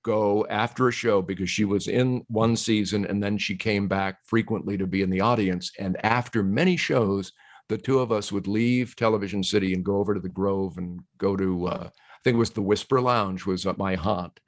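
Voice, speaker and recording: Older man telling showbiz stories casually. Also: fairly low pitch. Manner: warm storyteller, quick laughing agreement. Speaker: guest, TV host. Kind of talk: casual interview chat.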